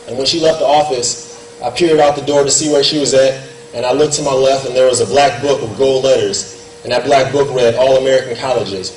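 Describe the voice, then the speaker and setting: A man's voice: mid-range voice, steady tone, a little fast, darkish tone. A young man giving an earnest, conversational storytelling speech at a gala in a banquet hall. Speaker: guest speaker. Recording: echoey hall heard from far off, faint room noise.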